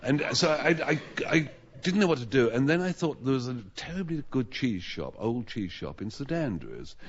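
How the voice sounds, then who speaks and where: Lively, rambling man telling a comic tale. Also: mid-range voice, moderate pace. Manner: rambling, self-mocking storyteller with stammered restarts. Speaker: panelist telling a comic story. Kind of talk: comic anecdote on a radio panel show. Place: radio studio with audience. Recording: dull old radio broadcast recording.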